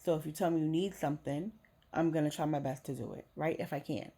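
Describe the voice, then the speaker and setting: A woman's voice: deep voice, fast, gravelly, warm tone, slightly rough. A young adult woman vlogger frankly telling a personal story, emotional and swearing casually.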